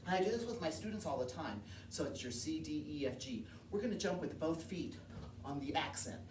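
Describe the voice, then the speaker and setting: A woman's voice: sits low, animated, fairly quick, background noise. A woman who teaches elementary music, leading a movement lesson and singing scale notes and counts aloud. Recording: echoey room heard from a distance.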